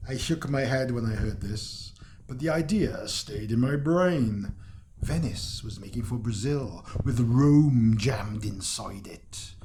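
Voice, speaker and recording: A man reads a weird tale aloud, amused and chuckling as he goes. His voice is mellow and warm, at an ordinary middle pitch. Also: lively intonation, slow, a little hiss or hum. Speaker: story reader.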